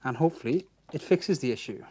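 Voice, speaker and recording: A man's voice: fairly high pitch, animated, fast talker, mellow, a little hiss or hum. A man giving casual commentary while he works on a car in a garage, muttering to himself with a wry, sarcastic tone. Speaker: home mechanic vlogger.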